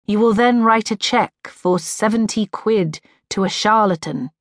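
A woman putting on a slow, deep, mock-hypnotic voice to poke fun at herself. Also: no echo, clean studio sound, lightly acted.

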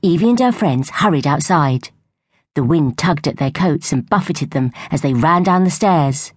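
A woman narrating a storybook for young children in a gentle, even way. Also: sits low, normal speed, dry recording, studio quality. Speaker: audiobook narrator.

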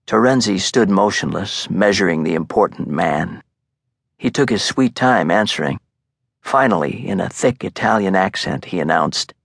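Male audiobook narrator, low voice, gravelly, dry close studio sound. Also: expressive, normal speed, a bit bright, no room sound. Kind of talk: scripted narration.

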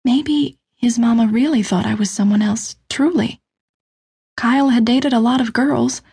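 A woman's voice: on the high side, unhurried, gravelly, warm tone, husky, dry recording, studio quality, full character voice. A woman narrator voicing an earnest, unsure young small-town woman in an audiobook.

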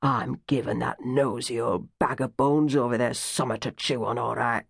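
A woman voicing a tough, hard-faced older woman with a gruff, curt manner. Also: extremely low pitch, fairly even intonation, normal speed, dry recording, clean studio sound, pitched below the performer's own voice, exaggerated voice.

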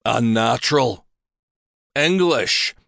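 A man reading an audiobook and voicing a vicious, crusty old Highland laird with a Scottish accent. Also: lively intonation, takes it slowly, a bit bright, no room sound, studio quality, heavily acted. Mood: menacing. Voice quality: crusty, gruff.

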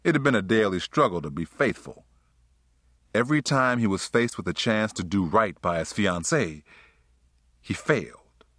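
A man narrating an audiobook in a smooth, expressive storytelling manner. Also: on the low side, normal speed, no echo, studio quality. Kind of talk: scripted narration.

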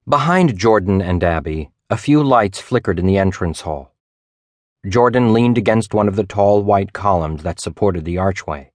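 A man narrating a suspense novel as an audiobook, in a measured, even reading. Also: deep voice, dry recording, clean studio sound. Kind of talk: scripted narration.

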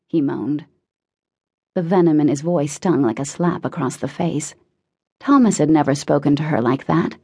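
A woman narrating a teen thriller audiobook in a measured, dramatic reading. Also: deep voice, dark tone, slightly rough. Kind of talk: scripted narration.

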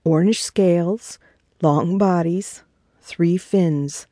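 A woman, the author, narrating her own children's audiobook in a measured way. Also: fairly low pitch, dark tone, no room sound, studio quality. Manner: slow, measured reading.

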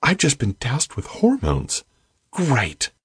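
A man's voice: medium pitch, wildly swooping pitch, slow, slightly rough, no echo, clean studio sound, voice pushed up, exaggerated voice. A man voicing a dazed young farm woman in a raised, strained voice while narrating an audiobook. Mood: rattled.

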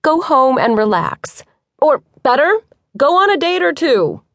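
A confident young woman construction boss, as a woman narrator acts her out, brisk and teasing, her voice lifting higher and brighter than the narration. She talks with quick, bossy warmth in a dry, close audiobook recording. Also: big pitch swings, no echo.

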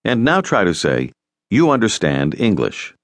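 A man narrating a recorded language course, giving calm, scripted prompts for the listener to listen, repeat and answer, in a studio. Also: lowish voice, measured pace, dry recording. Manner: calm, directive teaching prompts.

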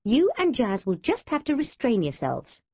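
A woman's voice: fairly high pitch, huge pitch swings, moderate pace, husky, no echo, muffled recording, pitched above the performer's own voice, full character voice. A woman voicing Gina, a lofty, bossy teenage girl, in a haughty, prim manner.

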